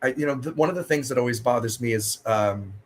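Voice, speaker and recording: A man's voice: mid-range voice, quick pace, slight background noise. A man talking as a podcast guest, a blunt skeptic who rambles and tells stories in casual chat. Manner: rambling, animated storyteller with frequent laughs. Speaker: guest, minister and historian.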